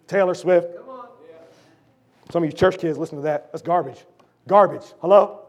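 In no hurry, a middle-aged man with a sore throat gives a fervent, emphatic sermon. He calls out to the congregation, veering from loud shouted lines to low, intense asides.

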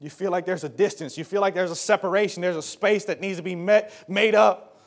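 High-voiced preacher swinging loud and soft. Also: male voice, steady tone, fairly quick. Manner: swings from hushed to shouting, repeats phrases for emphasis. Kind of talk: sermon.

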